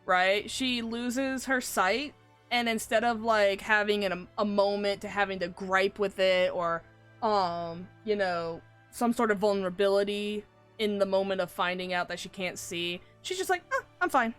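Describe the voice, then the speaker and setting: A woman's voice: medium pitch, steady tone, unhurried, clear, resonant tone. A woman streamer chatting casually and animatedly about a game, swearing and laughing a lot. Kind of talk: casual live-stream chat. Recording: faint game music behind.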